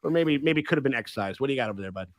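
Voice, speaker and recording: A man's voice: medium pitch, lively intonation, racing, no echo, clean studio sound. A man hosting a casual livestream chat about a TV show, rambling, laughing often and swearing freely. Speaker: podcast host.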